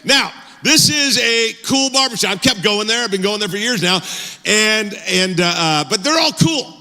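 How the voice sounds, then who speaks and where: Male pastor, bright high voice, animated storyteller, self-deprecating humor, hall reverb. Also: normal speed. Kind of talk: storytelling sermon. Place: church auditorium.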